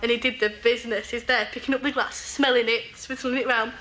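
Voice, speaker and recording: A woman's voice: fairly high pitch, steady tone, brisk, hardly any pauses, noisy background. A woman with a northern English accent, telling cheeky stories in an interview and laughing as she goes. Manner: chatty, cheeky, laughing storyteller. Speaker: game show contestant. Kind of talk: casual interview anecdotes.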